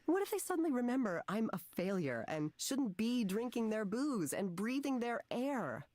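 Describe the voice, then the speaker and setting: A woman's voice: fairly high pitch, sing-song, normal speed, a little mellow. A woman voicing an anxious, self-doubting young woman in a video game, speaking nervously and hesitantly. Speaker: game character.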